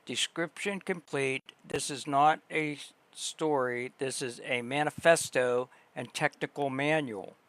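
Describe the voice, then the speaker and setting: A man hosting a livestream, reading a long text aloud slowly and deliberately, pausing and restarting words. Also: mid-range voice, fairly bright tone, smooth, no echo. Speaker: livestream host.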